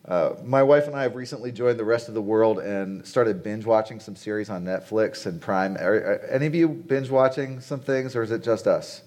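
This man in his late forties has a lowish, slightly mellow voice and talks at a moderate pace with hardly any pauses. At a conference venue he gives a conversational sermon, chatting with the audience and asking rhetorical questions.

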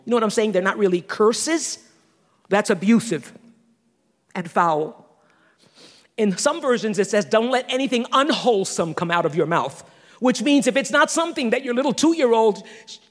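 A woman in her sixties preaching a sermon, animated, with teasing asides and laughter. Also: a little high. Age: 60s. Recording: long hall reverb.

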